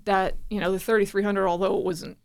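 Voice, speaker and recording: A woman's voice: medium pitch, brisk, vocal fry. A middle-aged woman from New Jersey, a guest telling a personal story in casual conversation, acting out the voices of people she quotes. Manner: animated, acts out quoted voices.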